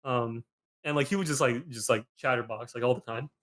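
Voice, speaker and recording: A young man hosting a podcast, spinning a story in a loose, rambling way with "like" in nearly every phrase. His voice sits at an ordinary middle pitch and he gets animated as the tale goes on. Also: brisk. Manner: rambling, peppered with "like", animated retelling. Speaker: podcast host. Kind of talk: casual storytelling chat.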